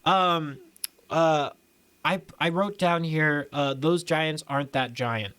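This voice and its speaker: A young man co-hosting a podcast in casual chat, animated and acting out quotes with exaggerated voices. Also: a little high, slow pace, smooth. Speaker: podcast co-host.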